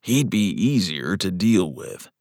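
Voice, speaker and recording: A man voicing a calm older frontier doctor with dry humor, matter-of-fact, in an audiobook. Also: sits low, slow, dry recording, exaggerated voice. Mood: steady.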